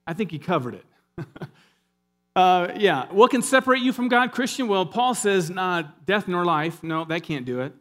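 A man preaching a sermon in a lively, conversational way, with asides and jokes to the congregation. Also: fairly high pitch. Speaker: pastor.

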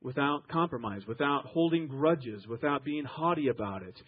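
Husky preacher on lo-fi radio. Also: male voice, mid-range voice, expressive, normal speed, hardly any pauses. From Iowa. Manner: storytelling preacher, emphatic, swings loud and soft. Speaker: pastor. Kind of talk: sermon.

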